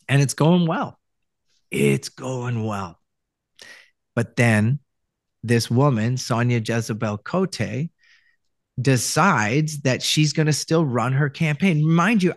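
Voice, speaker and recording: A Canadian man, a voice actor appearing as a guest, tells his story in a casual interview. His voice is a little high, and the dry room has no audible room sound. He rambles, restarts often, and acts out the lines he quotes.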